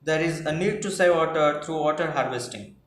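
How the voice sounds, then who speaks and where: Teacher guy, patient, says everything twice, kinda high voice, roomy echo. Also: fairly quick. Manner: patient, repeats and rephrases points. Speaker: English teacher. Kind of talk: explaining class projects. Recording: echoey room with faint noise.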